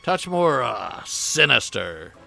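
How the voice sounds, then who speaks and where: A man putting on a raspy sinister ship master. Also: medium pitch, sing-song, slow, sharp tone, faint music behind, heavily acted. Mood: coldly menacing. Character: sinister male ship master, cold and scheming. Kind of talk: reading game dialogue aloud.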